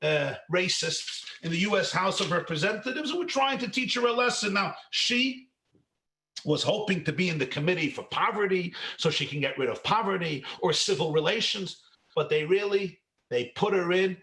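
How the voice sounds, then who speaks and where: A man's voice: high-pitched, lively intonation, normal speed, sharp tone, echoey room. A man from New York, a rabbi, telling a story in a lecture with rhetorical questions and chuckles at his own jokes.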